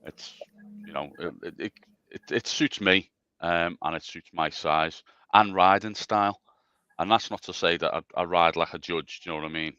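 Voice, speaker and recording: A man with a very low voice talks at length in a loose, rambling way, often restarting his sentences. He sounds dry and a little muffled. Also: moderate pace, bright, forceful tone, smooth, no echo. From England. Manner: rambling, self-deprecating, stammering restarts. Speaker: special guest. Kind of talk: casual chat on a livestream.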